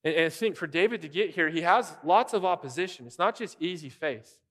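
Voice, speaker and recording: An earnest man preaches with animation, his fairly high voice ringing through a church sanctuary. A long hall reverb trails after his words, and he often restarts his phrases. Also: lively intonation, a little fast, fairly bright tone. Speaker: pastor. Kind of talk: sermon.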